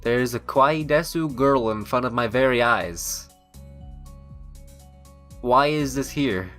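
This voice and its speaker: A man hosting a visual novel playthrough, reading aloud and breaking off into rambling, excitable asides. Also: mid-range voice, slow pace, soft background music. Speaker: let's-play host.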